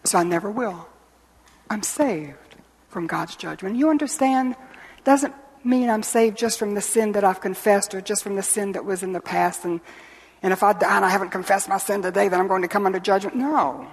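A woman preacher delivering a sermon with dramatic swings from hushed whispers to ringing proclamation. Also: medium pitch, moderate pace, husky. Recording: reverberant hall.

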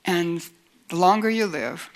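A woman preaching a sermon in an earnest way, acting out doubters' objections and building to forceful emphasis. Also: fairly low pitch, animated, a little slow.

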